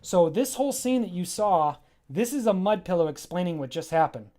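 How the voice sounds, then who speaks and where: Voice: mid-range voice, animated, normal speed, warm tone. A comic creator reads through their own graphic novel on a livestream, pointing out drawings and chatting along the way. The delivery is casual, enthusiastic and a bit rambling, with a mid-range voice.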